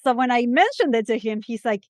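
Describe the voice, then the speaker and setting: A woman hosts a podcast in a casual chat, encouraging her guest and affirming what he says. Her voice is fairly high. She is recorded close and dry, with no room sound. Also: animated, a little fast, no echo. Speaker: podcast host.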